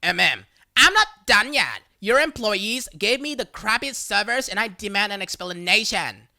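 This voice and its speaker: Pushy older small-town woman, demanding, read by a synthetic narrator, bright clipped tone. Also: mid-range voice, animated, unhurried, creaky, pitched above the performer's own voice, full character voice.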